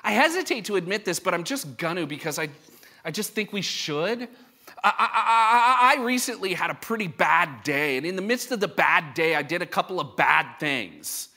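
Bright-voiced pastor preaching. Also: male voice, high voice, normal speed. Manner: animated, acts out quoted voices. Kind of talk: sermon. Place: church service before a congregation.

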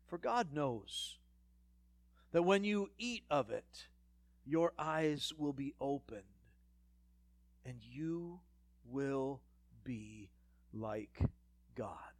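A man's voice: medium pitch, lively intonation, very slow, pauses often, dry recording. A man reading as a sly sneering serpent. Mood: insinuating. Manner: sneering, sarcastic. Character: sly crafty serpent tempter.

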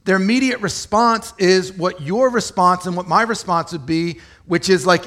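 A man gives a sermon in a relaxed, conversational way. He explains the scripture plainly and often turns to the listeners with rhetorical questions. His voice sits fairly high for a man. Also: normal speed, hardly any pauses. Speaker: pastor.

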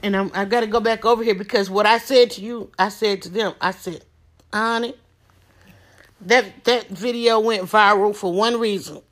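A woman's voice: medium pitch, fairly even intonation, normal speed, a bit bright. A woman in a casual monologue, talking in an emphatic, informal way and hammering her points home by repeating them. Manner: emphatic, repetitive preaching tone; informal, slangy talk. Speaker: small business owner.

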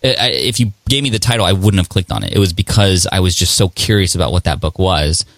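Low-voiced guy hosting a podcast, lots of ums, dry close audio. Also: expressive, fairly bright tone, dry recording. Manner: conversational, halting, many fillers. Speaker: podcast host. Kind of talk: casual interview.

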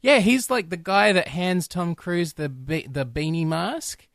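A man's voice: high-pitched, unhurried, gravelly, a bit bright, no room sound, clean studio sound. A man co-hosting a film podcast in casual chat, wandering into tangents with many restarts. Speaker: podcast co-host.

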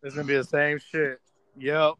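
Casual, swearing young podcast host. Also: male voice, on the high side, level tone, moderate pace, fairly bright tone, dry recording. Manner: laid-back, swears a lot, calls his friend bro. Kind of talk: casual chat.

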